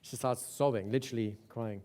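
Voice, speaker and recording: A man's voice: mid-range voice, fairly even intonation, brisk, a little mellow. A man teaching a live hypnosis seminar in a conversational way, often checking in with "right?" and restarting phrases. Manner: restarts and repeats words. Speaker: hypnosis instructor.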